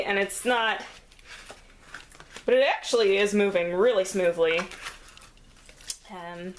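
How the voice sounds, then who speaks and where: A woman chatting casually while making a craft, self-deprecating and laughing often, a little out of breath. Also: medium pitch. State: slightly out of breath. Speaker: craft vlogger.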